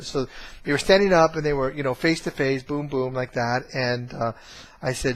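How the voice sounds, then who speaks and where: A man's voice: medium pitch, a little fast. Man rambling through a family story. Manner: rambling, many fillers and restarts. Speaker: course trainer. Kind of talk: casual storytelling to camera.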